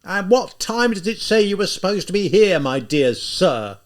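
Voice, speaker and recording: A man voicing a quick-tempered police lieutenant who shouts and bullies, in an audiobook reading. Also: on the high side, expressive, pitched above the performer's own voice. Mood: bawling. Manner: shouting, bullying.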